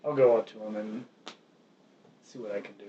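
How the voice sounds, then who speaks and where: A man's voice: lowish voice, steady tone, moderate pace, dark tone. A man playing in a tabletop game, earnest and talking over the game master. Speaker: player. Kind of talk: casual chat at a tabletop game. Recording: muffled stream audio with faint noise.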